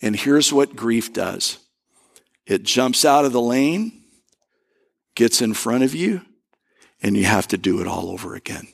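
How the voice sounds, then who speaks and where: A male pastor giving a conversational sermon, telling stories and slowing down to stress key words. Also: medium pitch, expressive, gravelly, breathy edge. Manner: conversational preaching with storytelling and emphatic pauses.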